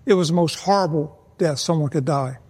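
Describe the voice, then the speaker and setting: Male preacher, high voice, earnest and measured, long reverb on the voice. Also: a little mellow, slightly rough. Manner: earnest, measured, slows for emphasis. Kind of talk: evangelistic sermon.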